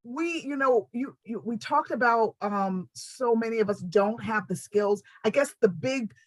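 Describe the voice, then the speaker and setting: A woman's voice: fairly high pitch, a little slow, no echo, poor audio. Talk show host woman, dry sound. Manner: warm affirming interjections, frequent restarts. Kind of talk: conversational interview.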